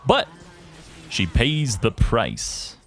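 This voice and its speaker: Brief: gamer guy reviewing his match, analytical but foul-mouthed, pitch swings a lot as he talks. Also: huge pitch swings, extremely slow, fairly bright tone. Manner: profane, ranting, self-assured. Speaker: gaming YouTuber reviewing his own match. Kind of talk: casual gameplay commentary.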